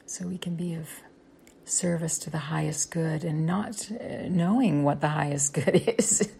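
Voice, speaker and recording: A woman of about sixty guides a meditation in a hushed, half-whispered voice. She speaks very slowly and gently, with long pauses. Her low voice carries a gravelly, creaky edge under the breath. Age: around 60. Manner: gentle and unhurried, with drawn-out pauses. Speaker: meditation podcast host. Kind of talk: soft-spoken guided meditation talk.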